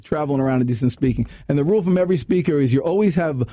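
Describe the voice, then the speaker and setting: A man hosting a sales talk radio show, preaching tips in an animated way and laughing at himself. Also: fairly high pitch, very fast.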